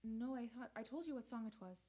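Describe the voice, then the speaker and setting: A woman's voice: on the high side, expressive, fast, mellow, slight background noise. A woman hosting a live-streamed variety show, chatting casually and bantering in a rambling way.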